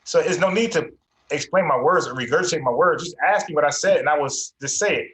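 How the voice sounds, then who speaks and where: A man's voice: fairly high pitch, fast, a bit bright, echoey room, poor audio. A man hosting an online debate show, firm and insistent, repeating himself to make a point. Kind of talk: heated debate.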